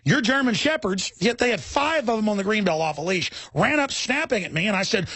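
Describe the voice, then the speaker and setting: Husky, high-pitched ranting radio host man. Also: lively intonation, fast talker, few pauses, fairly bright tone, no echo. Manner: heated, rambling, emphatic. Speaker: radio talk show host. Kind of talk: ranting talk radio monologue.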